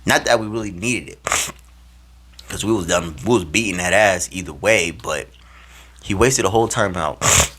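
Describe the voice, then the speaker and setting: A young man with a very low, deep voice tells a personal story to camera. He talks casually and slangily, and his delivery turns animated and then hushed. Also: moderate pace, pauses often, slight background noise. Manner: animated, slangy, swings between loud and hushed. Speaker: vlogger.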